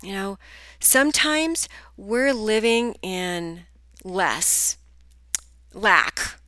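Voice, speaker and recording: Woman, middle-aged, podcast host, unhurried, a touch groggy, dry close sound. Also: medium pitch, animated, bright, forceful tone, no room sound. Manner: upbeat, chatty, addresses listeners directly. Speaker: podcast host, business coach. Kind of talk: solo podcast talk.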